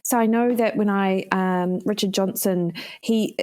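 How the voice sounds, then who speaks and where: A woman's voice: mid-range voice, fairly even intonation, measured pace, darkish tone, clean tone. Woman podcast host asking questions. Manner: asks rambling questions with many fillers. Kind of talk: conversational interview.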